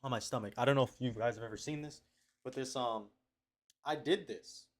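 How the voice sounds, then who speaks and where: A young man talks into the webcam in his room, keeping a loose confessional video diary. He rambles, questions himself, and circles back to the same phrases. His voice sits at an ordinary middle pitch. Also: a little fast. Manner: rambling, self-questioning, trails off and repeats himself. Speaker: video diarist. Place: at home at a webcam.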